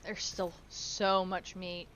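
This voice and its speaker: A woman's voice: lowish voice, level tone, takes it slowly, a bit bright, dull audio, a little hiss or hum. A woman streaming a survival game, chatting casually, swearing freely and cooing at her in-game animals. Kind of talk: casual gameplay commentary.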